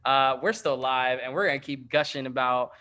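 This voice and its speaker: A man co-hosting over a video call, hyped up and cheering others on with quick interjections. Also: mid-range voice, fairly even intonation, bright, forceful tone, clear, resonant tone. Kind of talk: casual livestream chat.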